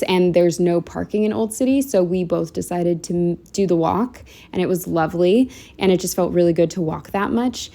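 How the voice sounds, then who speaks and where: A woman's voice: on the low side, creaky, warm tone. A woman narrating a casual planner walkthrough at home, chatty and rambling with lots of "like" and "um". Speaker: planner vlogger.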